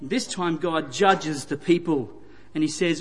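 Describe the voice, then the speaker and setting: A high-voiced man delivers a sermon, leaning on repetition for emphasis. His voice carries a long hall reverb around it. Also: unhurried, husky. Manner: retelling scripture with emphatic repetition. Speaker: preacher.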